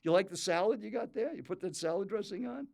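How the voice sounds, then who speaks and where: A man's voice: lively intonation, quick pace, gravelly, a little mellow, full character voice. An older man acting out a blunt, annoyed stranger on a plane who lectures scornfully about food. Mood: lecturing. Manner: scornful, lecturing, rising up high on put-downs.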